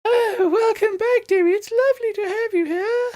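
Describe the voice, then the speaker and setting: A man's voice: extremely high pitch, moderate pace, a little mellow, voice pushed up. A man voicing a big, matronly female heron who fusses over visitors in a genteel, gushing way.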